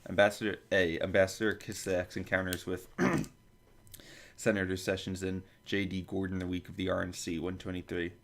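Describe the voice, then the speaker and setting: A podcast host with a low, creaky voice reads out a long table of contents at a normal speed and in a level tone. He stumbles over foreign names and throws in asides, his throat dry enough to make him cough.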